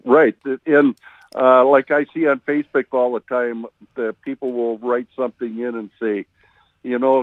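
A man's voice: mid-range voice, level tone, normal speed, no room sound. An older man, an army veteran, reminiscing in a radio interview and laughing often. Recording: phone-line audio.

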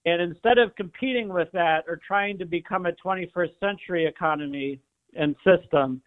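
A man's voice: high-pitched, moderate pace. A man calling in to a radio show, making an earnest, rambling point. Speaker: caller. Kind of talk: call-in comment. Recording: phone line.

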